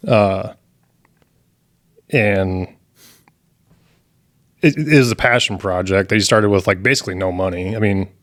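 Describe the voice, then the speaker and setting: A young adult man co-hosting a podcast in casual chat, summing up news with deadpan jokes. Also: fairly low pitch, unhurried, pauses often. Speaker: podcast co-host.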